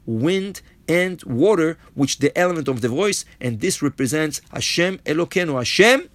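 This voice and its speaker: A man's voice: on the high side, expressive, moderate pace, fairly bright tone, dry recording. A man giving a Torah lesson, explaining step by step and often checking in with "right?". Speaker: rabbi teaching Torah.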